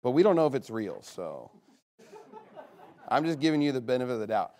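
A man leading a guessing game with a live group, reading out a long list in a chatty, upbeat way with quick asides. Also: mid-range voice, big pitch swings, warm tone.

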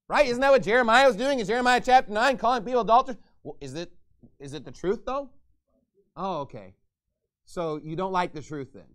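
A man's voice: high voice, fairly quick. A man preaching a sermon as pastor, ranting and mocking others in put-on voices.

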